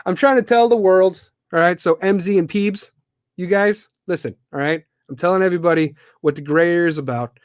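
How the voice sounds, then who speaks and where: A man's voice: high voice, fairly quick, clean tone, dry recording, clean studio sound. A man from the Midwestern US hosting a live podcast, ranting bluntly and with plenty of profanity. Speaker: podcast host.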